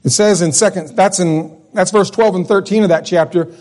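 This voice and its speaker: A man's voice: sits high, normal speed, a little mellow. A man preaching a sermon in a folksy, conversational way, often restarting his sentences. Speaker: pastor.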